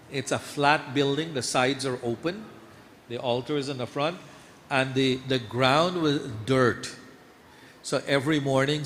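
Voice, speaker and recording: Man, storytelling sermon, animated narration, temple hall reverb, faint noise. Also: medium pitch. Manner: lively storyteller, voice climbs when acting out scenes. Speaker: temple speaker telling devotional stories.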